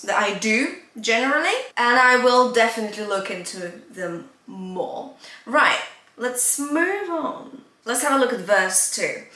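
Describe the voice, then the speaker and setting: A woman's voice: mid-range voice, sharp tone, roomy sound. A woman vocal coach teaching a singing lesson. She is encouraging, checks in often with "yeah?" and "okay?", and breaks into short sung demonstrations.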